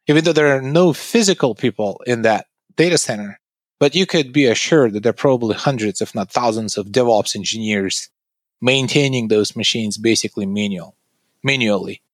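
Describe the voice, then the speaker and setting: A man's voice: medium pitch, moderate pace, no echo. A man, a tech company founder, giving earnest, explanatory interview answers about his product.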